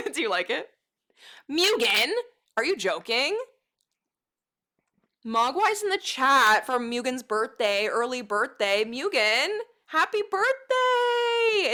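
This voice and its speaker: A bubbly woman streamer chatting casually, her voice swinging widely in pitch as she giggles and reacts to chat. Her tone is bright and lively, and she swears freely. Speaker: livestreamer.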